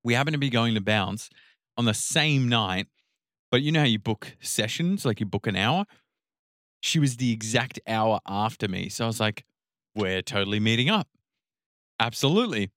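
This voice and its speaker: Man, casual podcast chat, very lively pitch, dry close mic, animated storyteller. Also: moderate pace, long pauses, dry recording. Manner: animated storyteller, acts out quotes. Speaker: podcast co-host.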